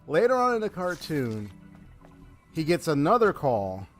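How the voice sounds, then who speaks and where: Streaming a video game live, a man with a slightly high voice talks a little slowly, his pitch swinging hugely, while faint music plays behind him. His casual chat turns into storytelling full of laughs, and he reads the game's dialogue out loud.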